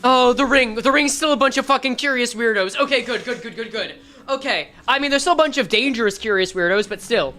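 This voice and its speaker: A woman streamer reading a game story aloud live, joking and reacting in an animated, casual way with occasional swearing. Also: fairly high pitch, brisk, few pauses, soft background music.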